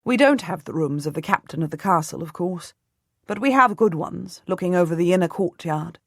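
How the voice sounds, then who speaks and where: A woman reading a first-person historical novel aloud as audiobook narrator, measured and commanding in delivery. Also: on the low side, expressive, no room sound, clean studio sound.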